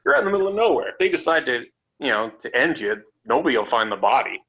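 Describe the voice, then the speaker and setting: A man's voice: medium pitch, quick pace, creaky. A man telling wrestling road stories as a podcast guest, acting out voices and swearing freely. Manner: animated, acts out voices in his stories. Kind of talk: casual storytelling. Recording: dull lo-fi podcast audio.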